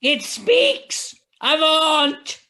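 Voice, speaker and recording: A man's voice: sing-song, very slow, pushed and bright, heavily acted. A man voicing a pompous older doctor who declaims in old-fashioned, theatrical phrases. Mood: alarmed. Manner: booming, archaic declamation.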